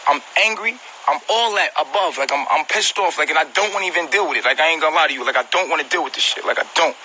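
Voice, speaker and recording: A man's voice: fairly high pitch, fast talker, sharp tone, slight background noise, rough recording. Agitated, upset man venting on a phone livestream. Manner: agitated, repetitive, profane, talks directly to viewers. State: upset and hurt. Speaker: vlogger on a live stream. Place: at home, indoors.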